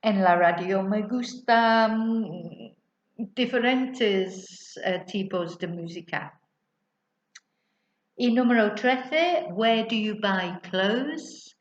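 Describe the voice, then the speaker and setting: A woman teaching Spanish, reading out questions and answers slowly and carefully for learners. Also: mid-range voice. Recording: echoey room, dull lo-fi sound.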